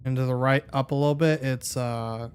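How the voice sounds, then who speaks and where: A man streaming a game, chatting casually in a halting, rambling way full of fillers. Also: medium pitch, fairly even intonation, a little hiss or hum. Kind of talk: casual gaming chat.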